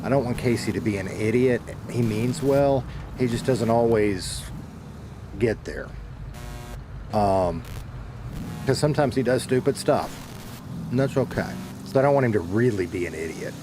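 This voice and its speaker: A man's voice: medium pitch, noisy background. A laid-back man with a Southern American accent, rambling casually to his stream chat, swearing now and then. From Southern United States. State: dehydrated.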